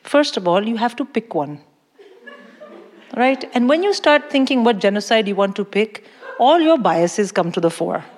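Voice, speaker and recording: A woman from India performs stand-up in a large concert hall, her fairly high voice carrying long reverb. She delivers her lines brashly and emphatically, with mock indignation. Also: lively intonation, normal speed. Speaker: stand-up comedian. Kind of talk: stand-up comedy set. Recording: hall reverb, audience laughter.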